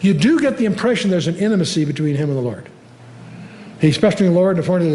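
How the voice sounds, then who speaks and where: An older man teaching the Bible verse by verse in a conversational way, often pausing with fillers and lifting his voice to read scripture aloud. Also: high voice, lively intonation, mellow, slight background noise. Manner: conversational, reads scripture aloud with rising emphasis, frequent fillers.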